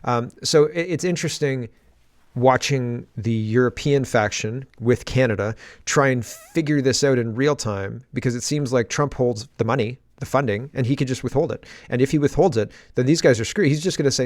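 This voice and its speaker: A man's voice: mid-range voice, normal speed, no room sound, studio quality. A man hosting a political commentary show, talking in a rambling, sarcastic monologue with frequent laughs.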